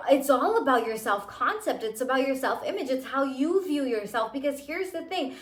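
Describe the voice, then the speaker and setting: A young woman giving a casual motivational monologue to her viewers, chatty and full of "like" and "you know". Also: high-pitched. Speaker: manifestation content creator. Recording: echoey room.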